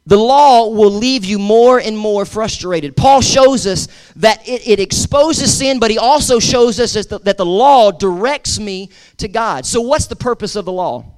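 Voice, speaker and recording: A man's voice: sits high, measured pace, few pauses, smooth. A man preaching a sermon as pastor, emphatic and repetitive, with call-and-response to his congregation and casual asides. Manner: repeats words for emphasis, conversational asides.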